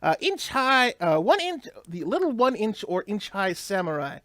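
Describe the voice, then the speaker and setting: Man, let's play host, casual rambling commentary, animated pitch, dry close mic. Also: moderate pace, dry recording. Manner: rambling, explanatory, many fillers and restarts.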